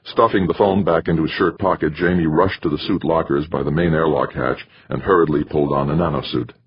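A man reading a novel aloud as an audiobook narrator, in expressive storytelling. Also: a bass voice, a little fast, dull audio, slight background noise. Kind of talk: scripted narration.

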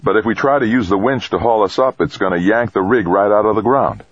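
Tense stranded astronaut, read by a husky man. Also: lowish voice, fairly quick, no room sound, highs cut off, pitched above the performer's own voice, close to an everyday voice. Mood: tense, controlled. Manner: terse, calm under pressure. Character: male astronaut stranded, tense but in control.

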